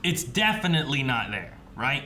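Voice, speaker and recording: Young male co-host, bright and tense timbre, animated storyteller, faint noise floor. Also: mid-range voice, normal speed. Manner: animated storyteller, laughs while telling. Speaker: reaction show co-host. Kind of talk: casual chat.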